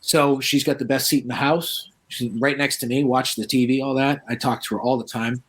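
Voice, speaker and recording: Husky guy telling spooky stories in an interview, animated, does the voices. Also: mid-range voice, a little fast. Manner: animated, acts out quoted voices. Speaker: paranormal researcher guest. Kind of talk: casual storytelling interview.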